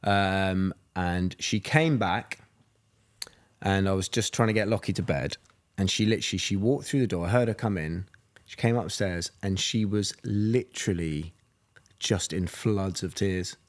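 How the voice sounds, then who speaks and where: A man's voice: low-pitched, unhurried. A man in his thirties, a podcast co-host, chatting casually and telling a story with frequent laughs. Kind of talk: casual chat.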